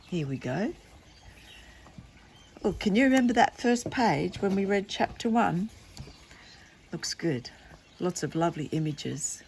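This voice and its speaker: A woman's voice: on the low side, sing-song, takes it slowly, vocal fry, pauses often, a little hiss or hum. An older woman reading a children's book aloud, chatty and playful with asides to the listener. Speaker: storyteller.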